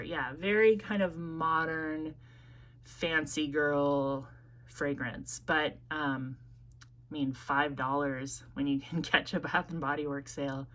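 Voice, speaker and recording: A woman's voice: sits low, a bit bright. A woman with an American Midwest accent reviewing perfumes in a casual, rambling vlog, talking with many fillers and self-corrections.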